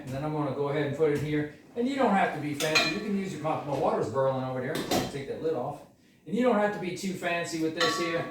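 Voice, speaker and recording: A man chatting in a folksy way as he walks through cooking a dish step by step in his kitchen. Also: on the high side. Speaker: home cook. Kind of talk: casual cooking demonstration. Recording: echoey room, mic far off, cooking noise.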